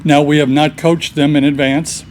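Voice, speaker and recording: A man's voice: on the high side, little pitch movement, moderate pace, darkish tone, a little hiss or hum. A man hosting a casual interview show and introducing it in a friendly, plain-spoken way at a recreation center. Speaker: host.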